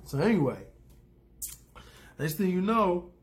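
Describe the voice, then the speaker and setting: A man with a slightly higher voice talks through a recap in a loose, rambling way, full of fillers and restarts. He stays casual and blunt, slipping into short acted-out lines for the characters. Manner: acts out characters' lines in quick asides; blunt, opinionated asides. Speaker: TV episode recapper.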